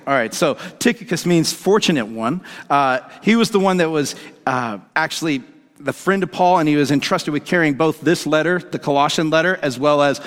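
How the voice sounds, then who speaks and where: A male pastor preaching a sermon and telling a story, animated and excitable, acting out the dialogue as he goes. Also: on the high side, normal speed. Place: church sanctuary. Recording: long hall reverb from the church.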